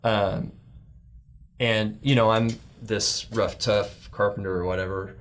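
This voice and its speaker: A man's voice: steady tone, slow. A middle-aged man, a guest on a church talk show, telling a heartfelt story with many restarts, lifting his voice when he quotes people. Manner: rambling, heartfelt, acts out quoted lines in a higher voice.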